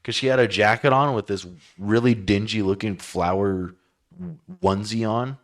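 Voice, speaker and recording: A man's voice: fairly low pitch, steady tone, normal speed. A man hosting a podcast, telling a story in a profane, rambling, self-mocking way. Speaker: podcast host. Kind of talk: casual storytelling.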